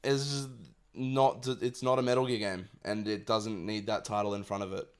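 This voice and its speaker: Laid-back, lower-voiced young man. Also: little pitch movement, moderate pace, clean tone. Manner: laid-back, self-deprecating, apathetic. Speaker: podcast co-host. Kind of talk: casual chat.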